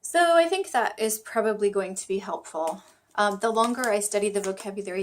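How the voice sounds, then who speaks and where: A woman's voice: mid-range voice, lively intonation, brisk, slight background noise. A woman vlogging about her study habits, chatty and self-deprecating, thinking aloud as she goes. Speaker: vlogger learning Chinese. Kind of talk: casual vlog talk to camera.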